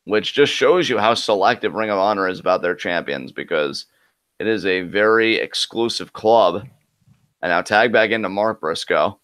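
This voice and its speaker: A man's voice: fairly low pitch, a bit bright, clean tone, no echo. A man co-hosting a live wrestling reaction stream, giving casual, joking play-by-play commentary.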